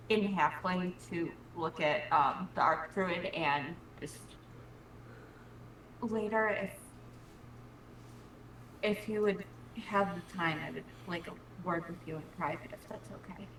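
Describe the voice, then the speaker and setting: A woman's voice: fairly low pitch, a little slow, long pauses, fairly bright tone. Hesitant woman player, distant mic. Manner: hesitant, with many fillers. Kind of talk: casual tabletop play. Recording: distant mic with faint background noise.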